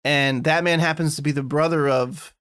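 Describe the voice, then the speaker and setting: Talkative man with a higher voice. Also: normal speed, no room sound, studio quality. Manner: rambling, animated, swears casually. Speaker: podcast co-host. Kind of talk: casual chat.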